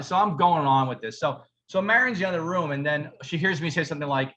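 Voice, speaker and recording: A man's voice: a little high, fast, few pauses, muffled recording. A man who teaches music, telling funny stories in a casual chat, laughing often and acting out the people he quotes. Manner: animated, laughing, swearing, acts out quoted voices. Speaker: podcast co-host, music teacher.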